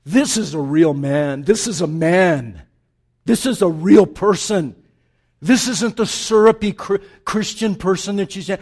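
A man delivers a sermon in a slightly higher-than-usual voice. He drops to a hush when reflecting, then rises to a loud, fervent pitch when he reads scripture aloud. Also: lively intonation, takes it slowly. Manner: swings from hushed reflection to loud impassioned preaching. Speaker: pastor.

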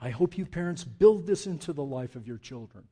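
With a fairly high, expressive, slightly rough voice, a male pastor preaches passionately and fairly quickly. Hushed, reflective moments give way to loud pleading and repeated words.

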